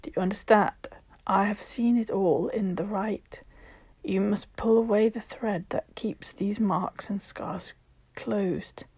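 A woman voicing a fragile, haunted young woman who speaks in hushed, breathy whispers in a told story. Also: medium pitch, fairly even intonation, slow pace, no room sound, exaggerated voice.

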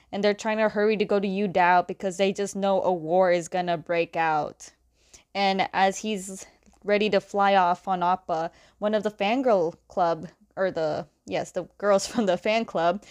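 A woman's voice: mid-range voice, clean tone. A woman casually retelling a comic book story in a chatty way, often saying "like" and laughing between plot points.

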